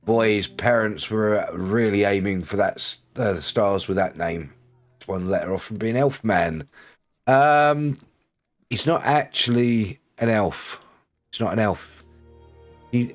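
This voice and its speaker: A man's voice: on the low side, measured pace, faint music behind. A man chatting casually with viewers while streaming a game, greeting people and laughing often. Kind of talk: casual chat while livestreaming.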